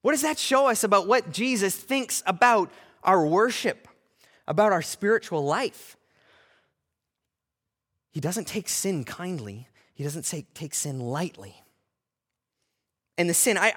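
A man preaching a sermon in a high voice that swings widely up and down, asking his listeners question after question. His delivery is animated, and long reverb from a church hall trails behind each phrase. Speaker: pastor.

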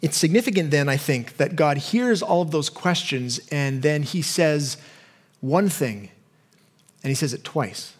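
A man preaching a sermon as a pastor in an earnest way, acting out imagined questions to God and going soft and low on key points. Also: lively intonation, unhurried.

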